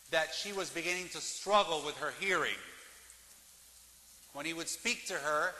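A man preaching a sermon as the priest of a church, telling jokes with measured pauses. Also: high voice, bright, forceful tone. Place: large church. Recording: echoey church, long reverb.

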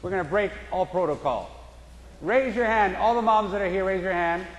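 A man's voice: high voice, expressive, moderate pace. A man preaching a sermon to his congregation, telling a story and acting out the voices in it. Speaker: pastor. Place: church sanctuary. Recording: echoey church hall.

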